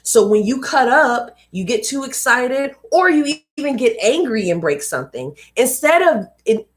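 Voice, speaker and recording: A woman's voice: a little high, big pitch swings, normal speed. A young adult woman hosting a live read-aloud, reading a book and adding casual, emphatic asides. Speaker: host reading books aloud.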